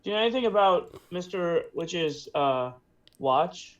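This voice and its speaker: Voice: mid-range voice, lively intonation, measured pace. A tabletop player asking questions in a playful, inquisitive way. The voice moves animatedly up and down, heard over a dull, lo-fi microphone. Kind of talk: tabletop role-play chat. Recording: dull lo-fi mic audio.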